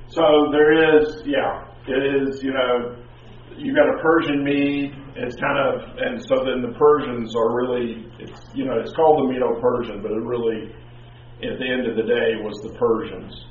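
A man's voice: medium pitch, fairly even intonation, moderate pace, a little hiss or hum. A man teaching a class, lecturing in an informal, rambling, conversational way. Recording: echoey, distant, tinny classroom recording.

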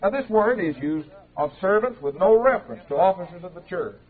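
A man's voice: high voice, lively intonation. Man preaching, on tinny old tape. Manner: measured, conversational, with small slips and restarts. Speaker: preacher teaching a Bible class. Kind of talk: evening Bible class lecture. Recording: tinny, narrow-band old tape recording.

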